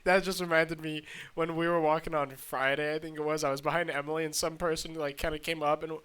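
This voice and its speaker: Guy host chatting casually, smooth clear voice, sounds a bit far from the mic. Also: fairly high pitch, flat delivery, fast talker, a bit bright. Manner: laughing storyteller, lots of fillers. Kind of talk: casual chat.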